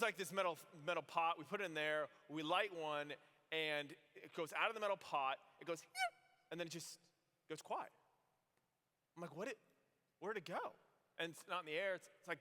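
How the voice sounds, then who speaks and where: A young adult man from Arizona, a priest giving a youth conference homily, telling stories in an animated way and acting out voices. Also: a little high. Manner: animated storytelling, acts out voices. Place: large hall. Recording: echoey hall, long reverb.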